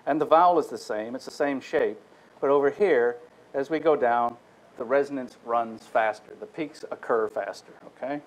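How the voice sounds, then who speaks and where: A man's voice: mid-range voice, moderate pace, poor audio. A man lecturing on a technical subject, explaining step by step and demonstrating vowel sounds with his own voice. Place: lecture room.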